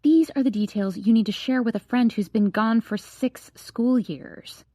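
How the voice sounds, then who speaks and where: A woman's voice: on the high side, moderate pace, dark tone, dry recording, clean studio sound, lightly acted. A woman reading an audiobook, voicing a gossipy, theatrical teenage boy who teases his friend. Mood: hissing. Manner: teasing, dramatic, wheedling. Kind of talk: audiobook character voice.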